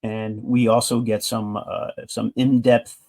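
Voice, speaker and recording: Gravelly-voiced man rambling through a comic review. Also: lowish voice, flat delivery, measured pace, darkish tone. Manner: enthusiastic, rambling retelling with frequent restarts. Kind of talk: casual comic book review.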